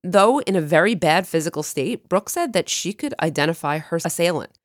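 A woman with a fairly low voice co-hosts a true crime podcast and tells the case in a chatty way. Her pitch leaps up when she gets excited. The sound is dry and close, with no room around it. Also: a little fast, no room sound. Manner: lively, with big pitch jumps when excited. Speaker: podcast co-host.

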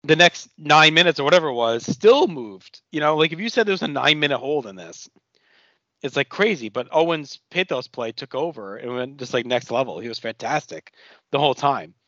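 A man's voice: medium pitch, animated, brisk, bright, forceful tone, dry recording, dull audio. A man co-hosting a podcast in casual chat, enthusiastic and rambling. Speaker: podcast co-host.

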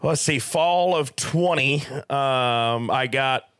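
A man, a rodeo announcer being interviewed, talking in a relaxed, halting way with many fillers and small laughs. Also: medium pitch, clear, resonant tone, no room sound, studio quality. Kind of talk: casual podcast interview.

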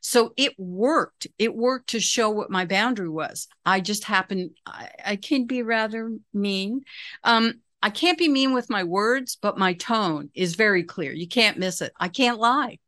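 Bright-voiced earnest older woman. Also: medium pitch, expressive, unhurried, no echo, studio quality. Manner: earnest, emphatic, empowering. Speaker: parenting guest. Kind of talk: conversational interview.

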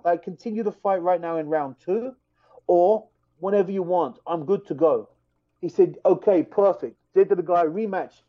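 A man tells a story with fired-up energy, stumbling over restarts as he talks. His voice sits a little high for a man. The sound is dull and lo-fi, as if from a modest mic. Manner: animated, fired-up retelling with many restarts. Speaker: fighter telling a story. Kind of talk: casual storytelling on a podcast.

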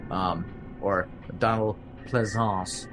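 A man's voice: lowish voice, fairly even intonation, slow, poor audio. Rambling man recapping a horror film. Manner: rambling, many fillers, acts out quotes. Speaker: podcast host.

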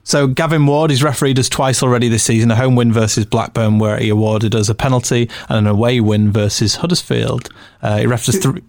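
A man hosting a casual football podcast, running through stats and fixtures in a brisk way. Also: medium pitch, steady tone, a little mellow, no room sound. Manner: reads out match stats briskly. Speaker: podcast host.

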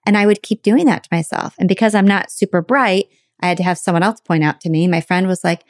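A woman's voice: lowish voice, fast, no echo, studio quality. A middle-aged woman hosting a podcast, talking in a chatty, candid and self-deprecating way. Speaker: podcast host. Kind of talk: casual interview chat.

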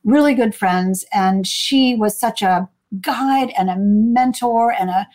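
A woman tells a long story as a guest author in a relaxed conversation, and her delivery is lively. She acts out the quoted voices in her story, and the sound has the plain feel of a video call. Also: a little high, takes it slowly. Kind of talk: storytelling in a casual chat.

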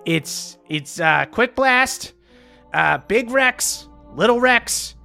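A man's voice: lively intonation, very slow, gravelly, pushed and bright, faint music behind, heavily acted. A man voicing a foul-mouthed, frazzled woman inventor in a tabletop role-play, talking in a flustered ramble. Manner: high-pitched, cursing, flustered rambling.

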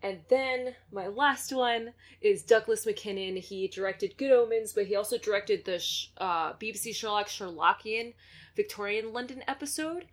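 A woman's voice: mid-range voice, normal speed. Enthusiastic woman podcast co-host. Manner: enthusiastic, laughs often, many fillers. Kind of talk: casual chat.

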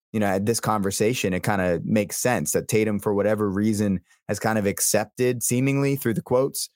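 A man co-hosting a sports podcast, telling things in a relaxed, rambling way. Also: fairly low pitch, no room sound, clean studio sound. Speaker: podcast co-host. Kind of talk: casual sports chat.

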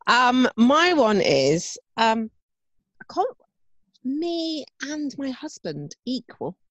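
A woman's voice: high voice, very slow, no echo. A woman chatting casually, telling a family story with acted-out voices and laughter. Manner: animated storyteller, acts out voices, laughs often.

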